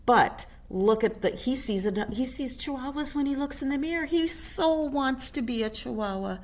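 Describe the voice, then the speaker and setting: A woman reading a picture book aloud to a child on camera, animated, with chatty whispered asides. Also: high voice, normal speed.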